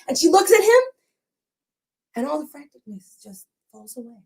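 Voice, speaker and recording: A woman telling a ghost story in an expressive, animated storytelling style. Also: high-pitched, brisk. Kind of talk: dramatic oral storytelling.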